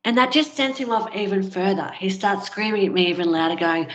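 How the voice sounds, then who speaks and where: A woman's voice: medium pitch, expressive, fairly quick, a bit bright. A woman guest candidly telling a personal story in conversation, frank and unpolished, with plenty of filler words. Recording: dull, lo-fi sound.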